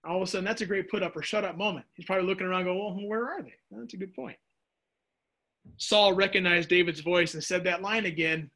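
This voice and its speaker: A man's voice: high-pitched, fairly even intonation, fast talker, bright, forceful tone. A man leading a casual Bible study lesson, chatty and joking, answering viewers' typed questions. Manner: chatty, jokey asides, restarts mid-sentence.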